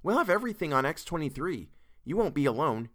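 A man playing a cheerful young father gently explaining things to his children. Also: a little high, big pitch swings, quick pace, pitched above the performer's own voice. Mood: reassuring.

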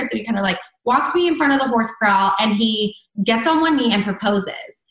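A fairly high-voiced woman tells a story in a relaxed, chatty way, filling her sentences with "like." The sound is roomy and echoey. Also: fairly quick, few pauses. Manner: chatty, many fillers and "like". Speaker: guest. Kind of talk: casual storytelling.

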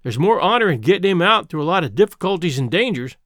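A man doing a brash, scheming boy in an audiobook, all big plans and folksy grumbling. His voice runs high and bouncy, close and dry. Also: sing-song, fast, fairly bright tone, no room sound. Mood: scheming grumble. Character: bossy scheming boy, Tom Sawyer.

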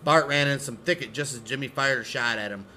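Joking podcast guy, really bright voice, laughs a lot, slight background noise. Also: mid-range voice, fast talker. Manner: joking, laughs often, swears. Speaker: podcast co-host. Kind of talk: casual storytelling chat.

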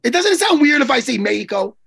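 A man co-hosting, joking around in animated banter with a gravelly, raspy voice. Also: high voice, quick pace. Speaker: co-host. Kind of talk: casual comedic banter.

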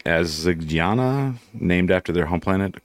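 Low-voiced guy hosting a chat show, acts out the quotes, dry close mic. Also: normal speed, no room sound. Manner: animated storyteller, acts out quotes. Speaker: radio show host. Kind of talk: casual chat.

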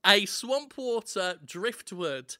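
A man riffs through absurd comedy bits, sometimes slipping into a carnival barker's patter. His voice sits high and bright. The sound is close and dry, with no room around it. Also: animated, slow pace, dry recording. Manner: spins absurd bits, mock showman announcing. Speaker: podcast co-host. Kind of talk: comedic improvised banter.

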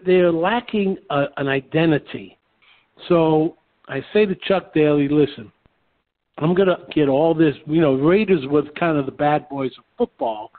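A man telling brash, animated stories in a casual chat. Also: a little high. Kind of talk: casual storytelling. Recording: phone-like narrow sound.

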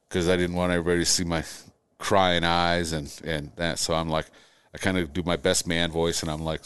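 A middle-aged man, a guest, telling his own story in conversation, halting and repeating words as he goes. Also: sits low, clear, resonant tone.

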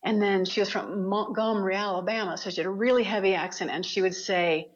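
Animated woman guest telling a story. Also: mid-range voice, a little fast, hardly any pauses, highs cut off. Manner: animated, laughs often, retells quotes. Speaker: podcast guest. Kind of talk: conversational interview storytelling.

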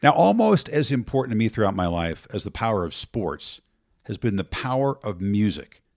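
A man hosting a podcast, reading a measured introduction to the next guest. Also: fairly low pitch, big pitch swings, a little mellow, dry recording, clean studio sound. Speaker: podcast host. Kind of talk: scripted introduction.

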